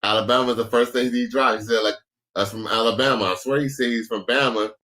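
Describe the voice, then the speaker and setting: A man's voice: mid-range voice, steady tone, fast talker, bright, forceful tone. A man hosting a reaction video, talking in a laid-back, slangy way. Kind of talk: casual reaction commentary.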